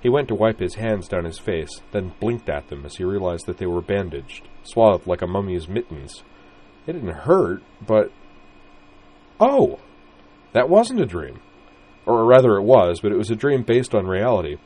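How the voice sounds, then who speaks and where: A man reading aloud his own story in an expressive, wry way. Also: deep voice, normal speed. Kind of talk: storybook narration.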